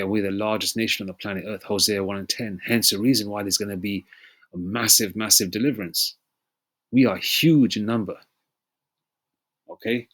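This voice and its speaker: Emphatic low-voiced man preaching. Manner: emphatic, repeats "you know?" and "okay?" often; reads verses slowly, clears throat between passages. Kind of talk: informal sermon with scripture reading.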